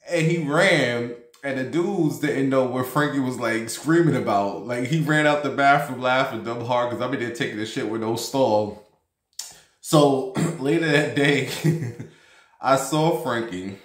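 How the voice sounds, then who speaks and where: An echoey room carries the mid-range, unhurried voice of a man in his thirties who hosts a vlog. He tells a gossipy story casually, with lots of swearing and fillers.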